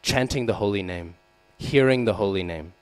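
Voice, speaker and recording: Man, low voice, temple sermon, frequent "hmm?" asides, faint mains hum. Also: normal speed, clear, resonant tone, poor audio. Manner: frequent "hmm?" and "right?" checks with listeners; acts out quoted lines with raised voice. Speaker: devotional class speaker. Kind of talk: scripture class sermon. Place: temple hall.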